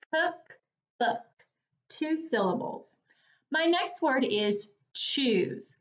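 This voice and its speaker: Slow, encouraging woman teaching phonics. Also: on the high side, a bit bright. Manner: slow, clear, encouraging, over-articulated. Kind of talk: phonics lesson for young children.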